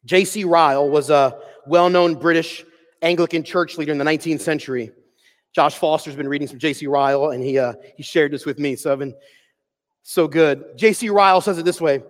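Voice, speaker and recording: A high-pitched male pastor preaching a sermon, his voice ringing out with a long reverb tail like a big church hall. He drives key phrases hard, then drops to a near-whisper to land a point. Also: fairly quick. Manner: dramatic swings from loud emphasis to hushed near-whispers.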